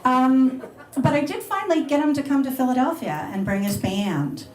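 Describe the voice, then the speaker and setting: A woman's voice: high voice, animated, moderate pace, darkish tone, faint music behind. A middle-aged woman radio host chatting and taking questions at a restaurant luncheon, bubbly and laughing. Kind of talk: casual talk and Q&A with an audience. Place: restaurant dining room. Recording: roomy live event recording.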